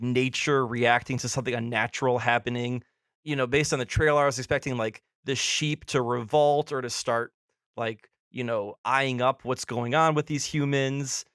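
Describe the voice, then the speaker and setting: A man's voice: medium pitch, fairly bright tone, no echo, studio quality. A man co-hosting a film podcast, talking casually and laughing often as he stumbles over names. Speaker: podcast co-host.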